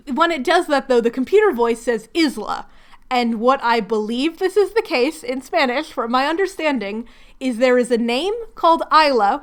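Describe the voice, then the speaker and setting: A woman chatting casually while doing crafts at home, rambling and laughing often. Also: high voice. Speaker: craft vlogger hosting a hangout.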